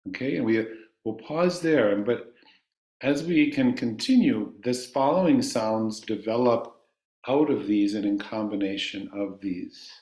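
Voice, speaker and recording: A man teaching a chanting class, calmly explaining ideas and singing long vowels for his students to repeat. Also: fairly low pitch, unhurried, reverberant.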